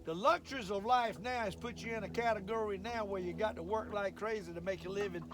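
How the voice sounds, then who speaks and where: Older fishing host, high voice, rambling folksy talk from a boat, faint water noise behind. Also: male voice, steady tone, a little fast. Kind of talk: casual fishing vlog monologue. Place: outdoors on a boat on a lake.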